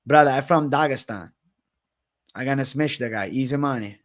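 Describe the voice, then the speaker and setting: A boastful male fighter from Dagestan, put on by a man who talks in blunt, broken English. The voice sits at an ordinary male pitch, and it stays cocky and sure of an easy win. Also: moderate pace, close to an everyday voice.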